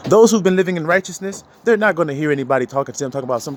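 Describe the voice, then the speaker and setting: Man, preachy sermon, lively pitch swings, laughs between points, faint background noise. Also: fast. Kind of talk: street sermon.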